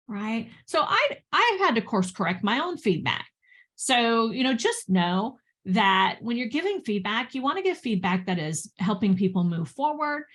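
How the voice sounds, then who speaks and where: A woman's voice: mid-range voice, a bit bright. A woman business coach talking casually about communication, chatty, with frequent "right?" and "you know" and laughs between points. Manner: chatty, lots of fillers and tag questions.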